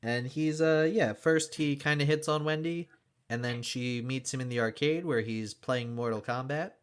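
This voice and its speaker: A man's voice: mid-range voice, moderate pace, clear, resonant tone. A man co-hosting a podcast, casually recapping a film's plot with plenty of filler words. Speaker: podcast co-host. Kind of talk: casual chat.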